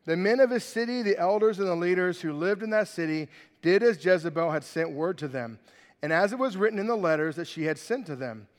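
Man, high voice, pastor's sermon, animated storytelling, long hall reverb. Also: a little fast. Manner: animated, acts out biblical characters in voices. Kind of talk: sermon with scripture reading.

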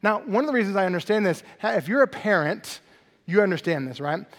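A male pastor preaching an expository sermon in a conversational, animated way, often checking in with the congregation. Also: sits high, quick pace, in a large hall. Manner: conversational, animated preaching with frequent "right?" asides.

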